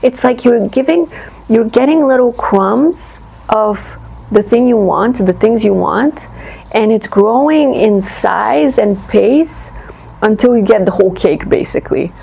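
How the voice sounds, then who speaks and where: A woman giving a collective tarot reading, talking in an effusive, rambling way. She laughs often and acts out reactions in a high voice. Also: animated, a little slow, vocal fry, warm tone, breathy edge, poor audio. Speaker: tarot reader.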